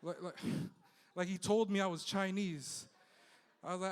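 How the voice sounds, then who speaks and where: This stand-up comedian, a Bay Area man with Philippine heritage, riffs loosely and profanely, leaning on "you know." He's on a handheld stage mic in a live club with long reverb. His voice is high-pitched and smooth, at normal speed.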